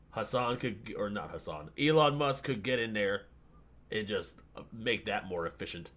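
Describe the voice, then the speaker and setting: A man with a lowish voice chats on a stream. He swears freely, jokes crudely and keeps breaking into laughter. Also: a bit bright. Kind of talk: casual chat.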